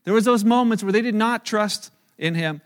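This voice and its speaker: A man preaching a sermon, retelling a story with lively acted-out quotes and casual asides. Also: high voice, normal speed. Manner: animated storytelling, acting out quoted voices. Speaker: pastor.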